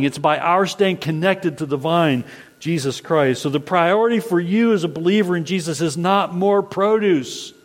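Higher-voiced male preacher in echoing church. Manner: earnest, repetitive preaching cadence. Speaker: pastor. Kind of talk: sermon. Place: church sanctuary. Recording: long hall reverb.

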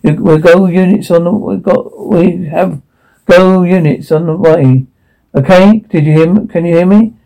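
A man's voice: sits high, a little slow, vocal fry, dark tone, poor audio. A man voicing an urgent, insistent police dispatcher speaking to a caller.

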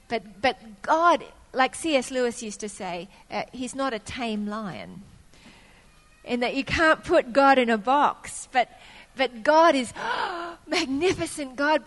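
High-voiced woman preaching in a reverberant hall. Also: a bit bright. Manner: storytelling with acted-out quotes of her younger self. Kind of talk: sermon.

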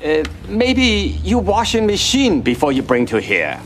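A man's voice: fairly high pitch, huge pitch swings, a little slow, a little hiss or hum. An actor playing a stubborn older male laundromat owner, speaking broken English with a Cantonese accent.

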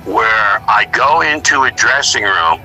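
A middle-aged male musician talking casually in an interview, animated and blunt, acting out what others said. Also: on the low side, measured pace, highs cut off, soft background music. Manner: animated storyteller, acts out quotes, swears freely. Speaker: musician guest.

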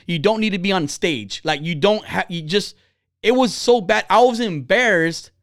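A man's voice: high-pitched, moderate pace, fairly bright tone, dry recording, studio quality. A man chatting casually, telling a candid, rambling story full of restarts and asides.

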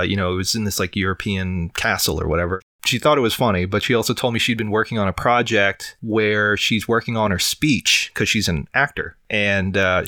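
A man's voice: on the low side, bright, forceful tone, no room sound, studio quality. A man with a fever, chatting casually as a podcast co-host, rambling with lots of fillers and casual swearing. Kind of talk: casual chat.

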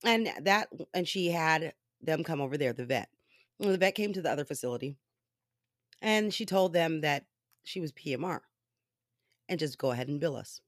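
Chatty woman with a lowish voice. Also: moderate pace, long pauses, no echo, clean studio sound. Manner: animated, laughs often, profane asides. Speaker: commentator. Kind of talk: casual storytelling commentary.

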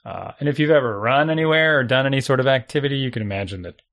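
A man casually telling a long story, animated, acting out his own thoughts and chuckling often. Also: mid-range voice, racing. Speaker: storyteller guest.

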